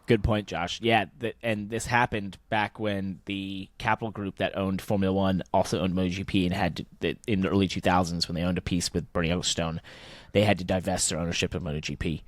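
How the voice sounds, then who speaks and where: A man's voice: sits low, flat delivery, brisk, hardly any pauses, no echo. A man in his thirties co-hosting a motorsport podcast, chatting enthusiastically with a voice wearing out. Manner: conversational, enthusiastic, with fillers. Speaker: podcast co-host. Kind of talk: casual motorsport podcast chat.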